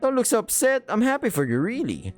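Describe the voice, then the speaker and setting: A man's voice: very high-pitched, huge pitch swings, fairly quick, soft background music, voice pushed up, exaggerated voice. A man voicing a friendly, upbeat young male dragon in a visual novel, talking in a chatty, reassuring way.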